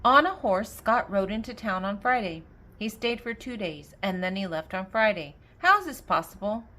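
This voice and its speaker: Reading a children's joke book at a moderate pace, an older woman uses a medium-pitched, expressive voice with a sharp tone. She asks riddles, supplies the answers, and laughs at her own jokes.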